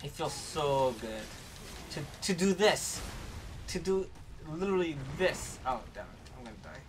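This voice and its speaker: A woman streaming a game, chatting casually with her viewers and reacting loudly to the game. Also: deep voice, expressive, unhurried, noisy background. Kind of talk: casual gameplay commentary.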